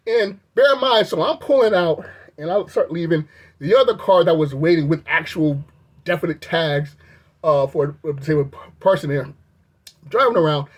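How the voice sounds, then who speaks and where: A video reviewer telling a story in a storytime commentary, talking animatedly and sounding incredulous, with the pitch jumping up when outraged. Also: husky. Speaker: video reviewer recounting an incident.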